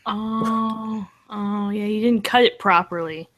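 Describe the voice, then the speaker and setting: A woman drops dry, deadpan remarks into a casual group chat. She talks slowly at a middling pitch.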